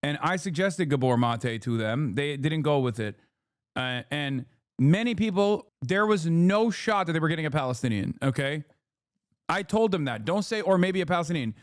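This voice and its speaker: A man in his thirties streaming, reacting to a video with heated, sarcastic, rapid commentary full of rhetorical questions. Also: fairly high pitch, expressive, dry recording, studio quality.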